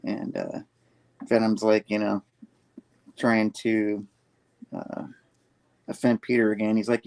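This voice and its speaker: A man's voice: on the low side, level tone, slow pace, creaky, pauses often, a little mellow. A man hosting a podcast, casually retelling a comic book with lots of fillers and restarts. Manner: rambling, filler-heavy retelling. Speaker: podcast host.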